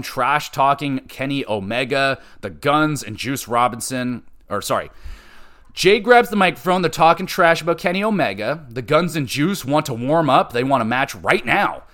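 A man hosting a wrestling podcast, recapping matches in a casual, blunt style with swearing, fillers and animated opinions. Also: medium pitch. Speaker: podcast host reviewing wrestling shows.

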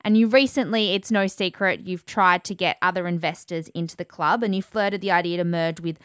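A woman's voice: on the low side, fairly even intonation, brisk, fairly bright tone, clear, resonant tone, no room sound. Dry-sounding woman interviewer. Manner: direct, prepared questioning. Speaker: radio interviewer. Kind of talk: interview questions.

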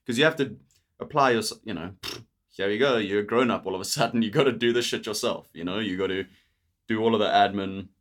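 A young man with a South African accent hosts a casual podcast chat, speaking fast at a fairly low pitch. He talks loosely and chattily, laughs often, and restarts his sentences.

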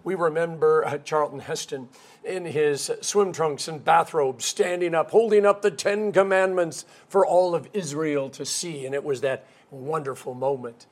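A man's voice: a little high, normal speed. A man preaching a sermon, telling stories and acting out quoted characters along the way. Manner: storytelling, acts out quoted characters. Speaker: pastor.

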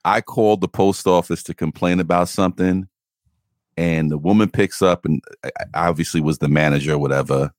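A man's voice: deep voice, fairly quick, dry recording, studio quality. A man, co-hosting a casual podcast chat and telling profane stories. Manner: profane, animated storytelling with put-on voices. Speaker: podcast co-host.

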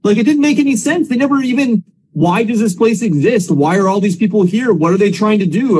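A man's voice: sits high, lively intonation, brisk, a little mellow, slightly rough. A man co-hosting a podcast, giving blunt, sarcastic, swearing takes in casual movie talk. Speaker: podcast co-host. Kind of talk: casual movie review rant.

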